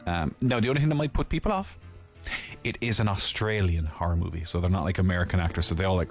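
A man hosts a casual chat, telling a story with a jokey, animated delivery. His pitch rises and falls a lot, and faint music plays under his voice. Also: quick pace. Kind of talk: casual chat recommending a film.

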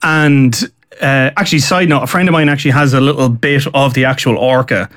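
A man's voice: mid-range voice, fairly even intonation, brisk, fairly bright tone. A man chatting on a radio show, rambling through film trivia with lots of filler words. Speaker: radio co-host discussing films. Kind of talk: casual radio chat.

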